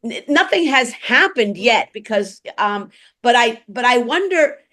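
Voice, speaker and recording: A woman's voice: a little high, lively intonation, a little slow, bright, forceful tone. A woman co-hosting a casual political chat, blunt and a little profane, who often restarts her sentences. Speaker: co-host.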